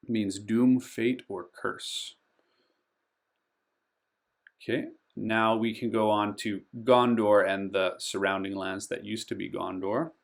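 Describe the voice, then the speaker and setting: Slow, gravelly man teaching pronunciations. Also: lowish voice. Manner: slow and careful, stretching out the names he teaches, with frequent ums; voice loudens on each name. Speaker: board game channel host. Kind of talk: pronunciation tutorial over a map.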